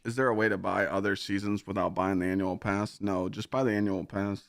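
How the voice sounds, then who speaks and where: A man's voice: low voice, flat delivery, brisk, creaky, dry recording, studio quality. A male game streamer in casual chat with his viewers, laid-back and rambling, with swearing and lots of filler.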